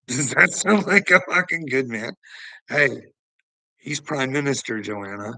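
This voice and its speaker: A man's voice: medium pitch, a little slow, pushed and bright, dry recording, rough recording. A man vlogging in a heated, profane casual rant, chuckling between points. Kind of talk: casual ranting monologue.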